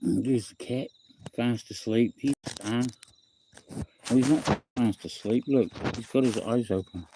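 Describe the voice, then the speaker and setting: With background noise behind him, a young man from West Auckland talks at a measured pace in a mid-range voice with a New Zealand accent. He is hosting a laid-back home livestream, meandering through a story and welcoming viewers by name.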